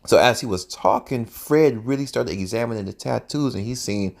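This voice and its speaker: A man telling a story in a casual, animated, profane way, often laughing as he goes. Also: mid-range voice, moderate pace, vocal fry.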